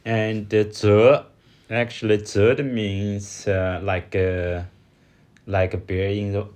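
Slow, low-voiced man with a Chinese accent. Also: little pitch movement, a little mellow. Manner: halting, searching for English words. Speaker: podcast co-host. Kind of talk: casual chat.

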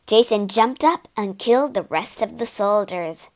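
A woman with a slightly high voice narrates a storybook for English learners, reading slowly, clearly and with expression.

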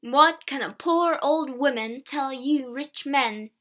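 A sly, toothless old crone of nearly eighty , as a woman reader puts her on, draws out her words slowly with open mockery. Her voice sits a little high. She fears no one in this storybook scene. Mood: mocking. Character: elderly woman, cunning, toothless, unafraid.

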